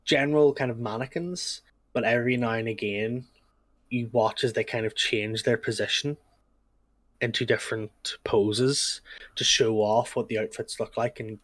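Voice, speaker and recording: A man runs a tabletop game and describes the scene in a relaxed, rambling way, full of fillers. His voice sits low and he talks slowly. The recording is dry and close. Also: no room sound. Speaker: game master.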